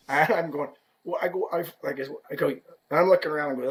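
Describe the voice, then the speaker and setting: A middle-aged man, a podcast guest, telling a story in a casual, animated way with mock indignation. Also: medium pitch, brisk, low-quality recording.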